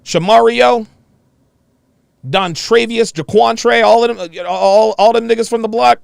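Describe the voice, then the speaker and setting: A man's voice: extremely high pitch, measured pace, creaky, smooth, no echo. A man giving mocking, emphatic reaction commentary on a played clip.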